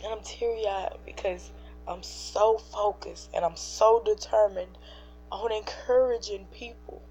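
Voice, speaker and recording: A woman's voice: mid-range voice, a little slow, dark tone, soft background music. Teary woman encouraging her livestream chat. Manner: earnest, preachy, speaks to chat directly. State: teary-eyed. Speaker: livestream host. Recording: dull lo-fi livestream audio with faint hum.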